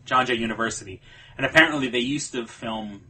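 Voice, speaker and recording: A man's voice: medium pitch, animated, fairly quick, vocal fry, sharp tone, slightly rough. A man co-hosting a casual podcast, rambling through plugs and stories with many ums and restarts. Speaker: podcast co-host. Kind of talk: casual chat.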